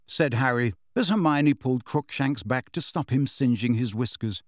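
A man reading an audiobook with expressive storytelling. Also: medium pitch, moderate pace, few pauses, no echo, studio quality. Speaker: audiobook narrator. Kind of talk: scripted audiobook narration.

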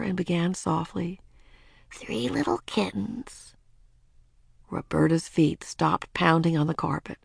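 A woman narrating a children's storybook in a gentle, even storytelling manner. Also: lowish voice, creaky, husky, no room sound, clean studio sound. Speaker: audiobook narrator.

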